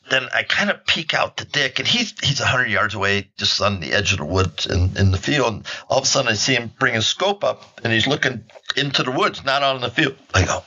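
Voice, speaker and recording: A man's voice: medium pitch, moderate pace, highs cut off. An older man telling hunting stories in a casual interview, acting out the moments and laughing often. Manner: animated storyteller, acts out shots and quotes, laughs often.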